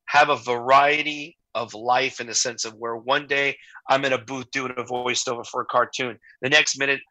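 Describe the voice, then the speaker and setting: A man's voice: mid-range voice, fairly even intonation, moderate pace, bright, forceful tone, no room sound, poor audio. A man in his forties, a guest in a casual interview, telling candid, emotional stories full of quoted dialogue. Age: 40s. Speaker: guest entertainer.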